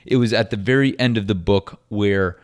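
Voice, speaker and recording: A man's voice: fairly low pitch, moderate pace. A young man hosting a podcast, talking alone in an earnest, philosophical way with frequent restarts. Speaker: podcast host. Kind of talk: reflective solo podcast monologue.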